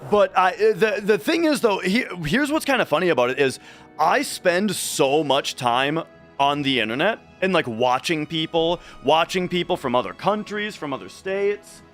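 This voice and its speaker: A man's voice: on the high side, expressive, normal speed, fairly bright tone, faint music behind. A man from Minnesota with a light Minnesotan accent, chatting casually on a speedrun stream and restarting his sentences often. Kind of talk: casual livestream chat.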